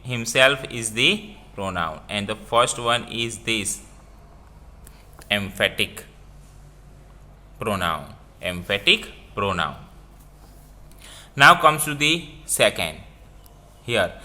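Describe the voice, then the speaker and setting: A man teaching a grammar lesson, explaining slowly and repeating each example with phrasing. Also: medium pitch, animated, sharp tone. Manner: slow, repetitive explaining with non-native phrasing.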